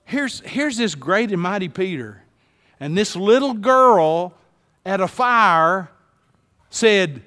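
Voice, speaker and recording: A man preaching a sermon as a pastor, swinging from hushed tones to shouts. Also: high voice, lively intonation, takes it slowly, big-room sound.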